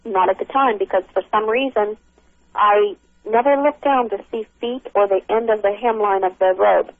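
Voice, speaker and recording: Gravelly woman on a tinny phone line. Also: mid-range voice, no echo. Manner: halting, with many restarts and fillers. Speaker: caller recounting an encounter. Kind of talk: emotional first-person account.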